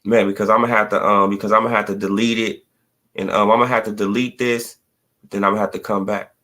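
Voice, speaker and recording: A man's voice: on the low side, flat delivery, a little fast, pushed and bright. A man hosting a casual livestream, talking in loose slang with plenty of swearing and filler words. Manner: slangy, profane, rambling talk with lots of "bro" and "man". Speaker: livestream host. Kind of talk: casual livestream commentary on boxing.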